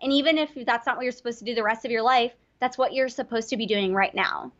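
A woman's voice: a little high, fast talker, a bit bright, lo-fi sound. A young woman voice actor, a guest telling stories in a giggly, bubbly way during a casual interview.

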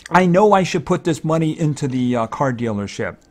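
A man giving casual gameplay commentary, thinking aloud, excitable and fretting over each purchase. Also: fairly high pitch, fairly quick. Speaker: let's-play commentator.

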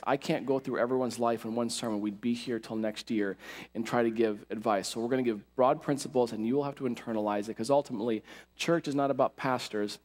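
A male pastor preaching in a church sanctuary, his voice at an ordinary middle pitch. He keeps it conversational and lively, throwing asides to the congregation as he goes. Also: fast talker. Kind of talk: sermon.

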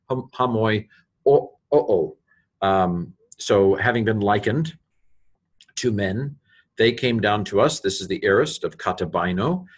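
Halting low-voiced man teaching Greek. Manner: halting, many fillers, rises on quoted Greek. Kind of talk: informal teaching walkthrough.

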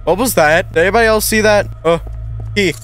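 A man's voice: high-pitched, a little fast, fairly bright tone, soft background music. A young man giving nervous, jumpy let's-play commentary on a horror game, talking to himself as he plays. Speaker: gaming YouTuber.

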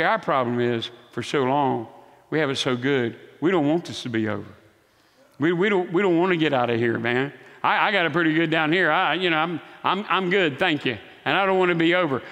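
A man's voice: on the high side, a bit bright, big-room sound. A man preaching a sermon as pastor, emphatic and calling on the congregation for amens. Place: church sanctuary.

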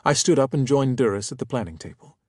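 A man narrating a first-person audiobook in a measured storytelling manner. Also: mid-range voice, lively intonation, a little mellow, dry recording, clean studio sound.

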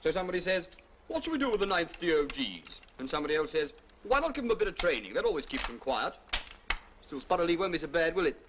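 An actor playing a wry, talkative young army private with an English accent in a 1940s film. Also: male voice, a little high, big pitch swings, fast talker, muffled recording, background noise. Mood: mocking.

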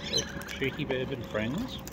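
A woman's voice: extremely low pitch, sing-song, normal speed, heavy background noise. A woman talking playfully to wild birds outdoors while she feeds them, coaxing and teasing them. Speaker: bird feeder, channel host. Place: outdoors in a yard among feeding birds. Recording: loud squawking birds behind.

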